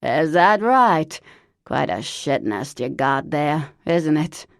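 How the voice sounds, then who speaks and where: A woman narrating an audiobook, voicing a blunt chain-smoking older woman with a harsh smoker's rasp and a strong accent. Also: low voice, very animated, slow, no room sound, clean studio sound, exaggerated voice. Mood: gruff. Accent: strong local accent.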